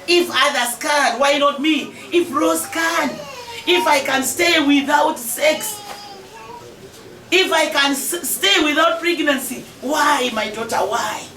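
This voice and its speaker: A high-pitched Ugandan woman in her forties exhorting a crowd, her voice loud and animated with laughter. She is caught from a distance in an echoey space, with noise around her. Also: slow. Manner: emphatic, exhorting, often raising her voice with laughter. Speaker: member of parliament. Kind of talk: public speech to a crowd.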